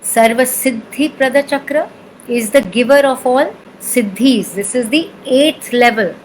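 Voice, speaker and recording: Slow, patient Indian woman teaching. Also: fairly high pitch, a little hiss or hum, rough recording. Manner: slow, patient teaching, repeating syllables and checking in with "okay?". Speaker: sound healing teacher. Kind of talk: spoken lesson with chanting demonstrations.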